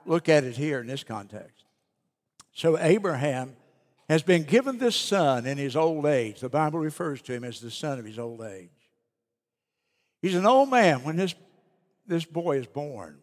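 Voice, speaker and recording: A pastor delivers an emphatic sermon in a slightly high male voice, repeating key lines slowly and letting them fall soft. The sanctuary gives his words a long, ringing reverb. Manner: emphatic preaching, slowing and dropping soft on key phrases. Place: church sanctuary. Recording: long reverb of a church hall.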